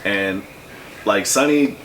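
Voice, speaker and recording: A man's voice: lowish voice, a bit bright, slight background noise. A man casually telling a long, profane story about his music, full of fillers and asides. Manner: loose, profane, fast-moving anecdote with many fillers. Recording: distant mic with faint room ambience.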